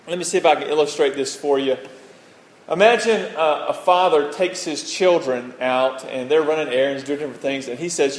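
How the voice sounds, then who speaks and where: A man preaching a sermon as pastor, telling stories in a conversational way and often checking in with a quick "right?". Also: a little high. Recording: echoey hall with long reverb.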